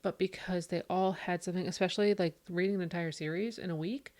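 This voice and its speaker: A woman in her thirties with a slightly low voice co-hosts a casual book podcast. She talks in long, animated runs and slips into her children's voices when she tells stories about them. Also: quick pace. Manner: chatty, animated storytelling, acts out her kids' voices. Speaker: podcast co-host. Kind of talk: casual chat.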